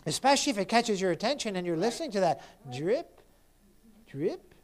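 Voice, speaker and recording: A man preaching a sermon with passion, swinging from loud cries down to hushed, pleading appeals. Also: sits high, expressive, very fast. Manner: impassioned preaching, rising to cries then dropping to hushed appeals. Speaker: pastor.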